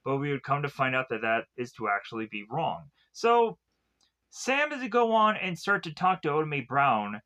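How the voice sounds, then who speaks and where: A man with a fairly high, bright, edgy voice talks through a movie's plot in a loose, rambling way. He leans on filler words and restarts as he retells scene after scene. It sounds unscripted and casual. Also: sing-song, moderate pace. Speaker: film reviewer. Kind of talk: casual spoken film review retelling the plot.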